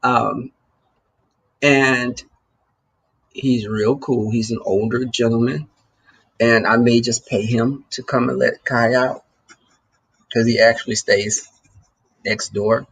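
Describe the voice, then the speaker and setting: Gravelly, bright-voiced man chatting with viewers. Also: medium pitch, steady tone, slow, long pauses. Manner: loose and joking, talks straight to the chat. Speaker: livestream host. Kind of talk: casual chat with live viewers.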